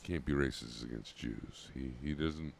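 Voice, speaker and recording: A man's voice: a bass voice, a little slow, vocal fry, a little hiss or hum. A man hosting a live stream, chatting casually in a crude, joking way and laughing often. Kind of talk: casual banter.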